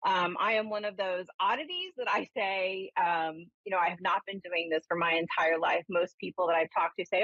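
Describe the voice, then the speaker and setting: A woman who is a spiritualist minister and medium, telling her story in a chatty, animated way and then giving a caller a reading on a live show. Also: on the low side, normal speed, hardly any pauses, no room sound. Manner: chatty storyteller, animated when quoting herself. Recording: dull lo-fi broadcast audio.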